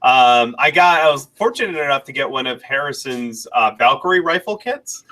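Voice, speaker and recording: Bright-voiced man hosting a live Q&A. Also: mid-range voice, expressive, moderate pace. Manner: chatty, chuckling storyteller. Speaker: live stream co-host. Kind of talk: casual live-stream Q&A.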